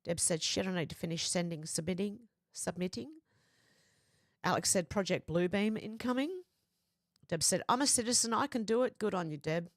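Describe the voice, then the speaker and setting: An Australian woman hosting a livestream, chatting casually and reading viewer comments aloud in a lively quoting voice. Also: lowish voice, brisk, no room sound, clean studio sound. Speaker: livestream host.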